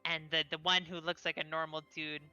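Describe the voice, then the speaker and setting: A woman's voice: sits low, fairly quick, smooth, muffled recording, faint music behind. A woman narrating a tabletop game as game master, giggly and chatty. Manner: giggly, lively, chatty with fillers.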